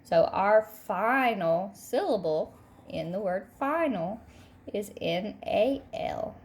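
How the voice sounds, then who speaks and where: A woman teaching a third grade phonics lesson. She speaks patiently and says each word twice, clearly, so children can repeat it. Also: mid-range voice, lively intonation, takes it slowly, slight background noise. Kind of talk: recorded classroom phonics lesson.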